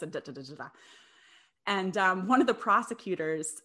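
A woman's voice: on the low side, animated, moderate pace, long pauses, pushed and bright. A young adult woman casually telling a history story to a co-host, chatty, often laughing, with many fillers and restarts.

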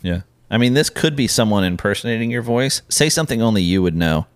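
Podcast co-host, man, deep smooth voice, quick joking banter. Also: animated, no echo. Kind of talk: casual podcast chat.

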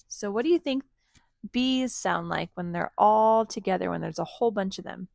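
A woman at home reading a storybook aloud to her children, pausing to ask them gentle questions. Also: medium pitch, gravelly, dry recording.

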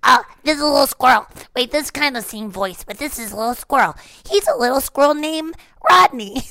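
Woman doing a squeaky tiny cartoon pup, high and bouncy, bright and sing-song, dry close mic. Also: animated, fairly quick, no room sound, exaggerated voice. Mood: cutesy. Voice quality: squeaky kid's voice. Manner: cutesy, playful. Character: squeaky little male cartoon dog and squirrel. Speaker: podcast co-host.

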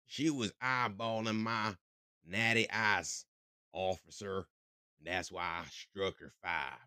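A man's voice: lowish voice, steady tone, slow, sharp tone, clear, resonant tone, no room sound, clean studio sound. A man putting on a Southern US accent to voice a crude male abuser making excuses to a judge. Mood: excusing. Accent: Southern US, put on.

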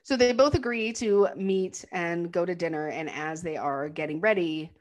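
A woman casually recapping a film's story, chatty and animated, sometimes slipping into the characters' voices. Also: fairly low pitch, normal speed. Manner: animated retelling, acts out quotes in character voices. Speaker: podcast co-host recapping a film. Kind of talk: casual chat.

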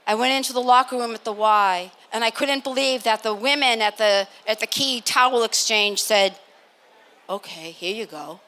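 Older woman from massachusetts telling stories on a live stage, high bright voice, laughs a lot. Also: moderate pace, hardly any pauses. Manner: animated, laughing, acts out quotes. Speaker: panel guest. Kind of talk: storytelling on a live panel.

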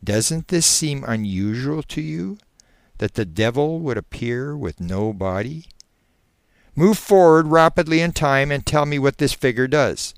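A man voicing a calm hypnotherapist who reassures a subject and turns forceful when pressing for answers. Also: medium pitch, unhurried, vocal fry, dry recording, clean studio sound, voice pushed up. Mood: reassuring. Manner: steady, reassuring, at times forceful.

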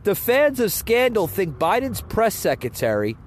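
Man, podcast host, casual commentary, rambling, stumbling speech, fairly high voice, faint car noise behind. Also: wildly swooping pitch, normal speed. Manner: rambling, stumbles and repeats words, chuckles. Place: near a road with passing cars.

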